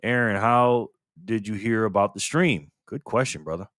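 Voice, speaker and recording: A man's voice: lowish voice, moderate pace, fairly bright tone, no room sound, clean studio sound. An upbeat man hosting a live stream, chatting casually and greeting viewers by name. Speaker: livestream host. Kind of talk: casual live stream chat reading comments.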